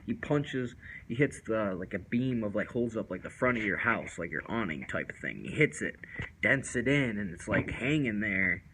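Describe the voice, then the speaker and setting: A man's voice: fairly low pitch, lively intonation, moderate pace, bright, forceful tone, a little hiss or hum, rough recording. A man casually telling a first-person story in loose, rambling street slang with lots of fillers.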